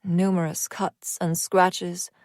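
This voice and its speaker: Woman, audiobook narrator, measured, hushed near-whispers, slow, close dry mic. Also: lowish voice, little pitch movement, no echo. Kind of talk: audiobook narration of dark fantasy.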